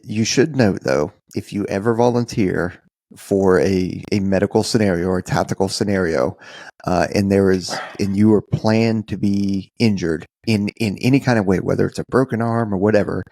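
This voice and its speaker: A man's voice: lowish voice, steady tone, moderate pace, dark tone, no echo, clean studio sound. A man co-hosting a podcast in casual, rambling chat, restarting his sentences often. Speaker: podcast co-host.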